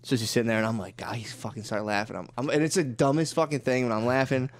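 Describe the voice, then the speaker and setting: A man in casual podcast chat, rambling through a story with constant swearing and bursts of laughter. His voice sits at an ordinary middle pitch. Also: steady tone, fast talker. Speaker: podcast co-host.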